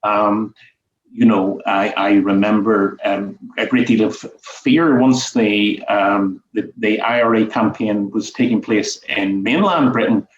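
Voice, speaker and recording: A man's voice: fairly low pitch, fairly even intonation, takes it slowly, slight background noise. A man in his seventies with a Northern Irish accent, reminiscing as an interview guest in a rambling way, peppered with "you know". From Northern Ireland. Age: 70s. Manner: rambling, lots of "you know" fillers, chuckles as he talks. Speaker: guest, former teacher and writer. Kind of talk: reflective conversational interview. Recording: distant, roomy, dull lo-fi sound.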